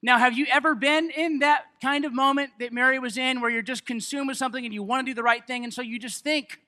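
Guy preaching a sermon, high pitched and kinda sharp, gets loud and emphatic. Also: fast. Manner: animated, building to loud emphatic stretches. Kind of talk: sermon with scripture reading.

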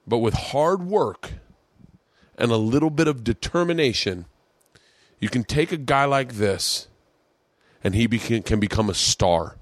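A podcast host tells a long story in a loose, profane, rambling manner during a casual chat. His mid-range voice is expressive and a little slow, with no room sound.

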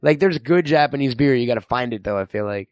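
Excitable swearing man, dry sound. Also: mid-range voice, fast talker, dry recording, lo-fi sound. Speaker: host. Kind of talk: casual chat.

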